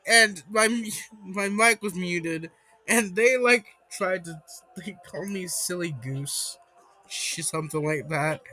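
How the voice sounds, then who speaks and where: A young man giving casual, excitable gameplay commentary who swears and breaks into high panicked yelling. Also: rough recording. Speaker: gaming YouTuber.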